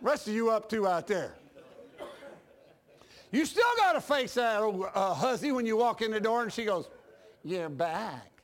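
A man's voice: high-pitched, animated, normal speed, pauses often. A male pastor preaching a sermon, telling folksy stories and acting out the dialogue. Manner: folksy storytelling preacher, acts out dialogue, laughs at his own jokes.

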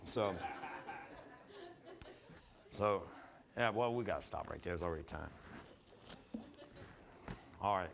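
A man's voice: sits low, slow, creaky, pauses often, a crowd in the background. A man, a pastor preaching in a folksy, storytelling way, acting out the other voices in his stories. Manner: folksy storytelling with animated retold dialogue. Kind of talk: sermon.

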